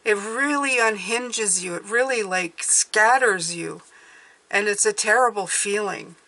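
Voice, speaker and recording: A woman with a bright, forceful voice at a middling pitch, talking her way through a tarot reading. She rambles loosely and keeps checking in with a quick "okay?". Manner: rambling, repeats "okay?" often. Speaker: tarot reader. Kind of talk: casual intuitive tarot reading.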